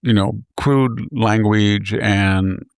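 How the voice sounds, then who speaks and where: A man's voice: on the low side, very slow, vocal fry, smooth, no room sound, studio quality. A man speaking as an interview guest, giving rambling, emphatic political commentary that circles back and repeats its points.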